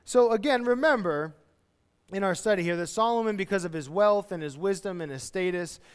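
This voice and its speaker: High-voiced man preaching in a hall. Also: brisk, clean tone. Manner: animated, acts out everyday voices. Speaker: pastor. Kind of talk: expository sermon. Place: church.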